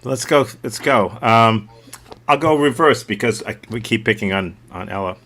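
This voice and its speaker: A man's voice: on the low side, moderate pace, fairly bright tone, a little hiss or hum. A man teaching an improv workshop over a video call, joking and self-mocking. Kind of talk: casual workshop talk.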